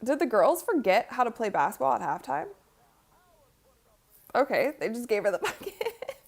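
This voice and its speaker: A woman's voice: on the high side, big pitch swings, moderate pace, vocal fry. A woman hosting a live-streamed basketball watch party, chatting casually and giggling as she comments and talks to her viewers.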